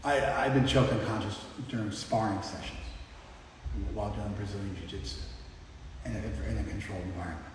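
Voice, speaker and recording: A man's voice: on the low side, fairly even intonation, a little fast. A man giving an informal class lecture in a conversational, explanatory way, often checking in with his listeners. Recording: echoey hall, mic far off, faint background noise.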